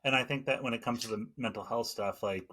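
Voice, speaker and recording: A man's voice: medium pitch, fast, fairly bright tone, slightly rough. A man in his forties hosting a casual podcast conversation, talking in a rambling way with many fillers and restarts. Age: 40s. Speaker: podcast host and former EMT.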